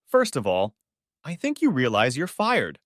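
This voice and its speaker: A betrayed husband, cold and caustic, whose anger flares in sharp rises, as a narrator plays him. Lively pitch in a dry, close recording. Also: male voice, measured pace, no room sound. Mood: angry. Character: cold, angry betrayed husband, middle-aged man.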